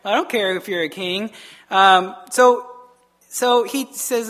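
A male pastor preaching a casual, animated sermon, retelling scripture with frequent "right?" asides and quick laughs. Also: high voice.

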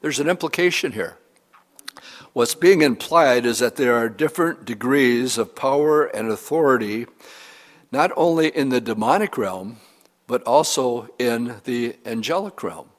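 Earnest male preacher in a reverberant hall. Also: medium pitch. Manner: earnest, expressive reading of scripture with pauses. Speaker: pastor. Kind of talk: sermon.

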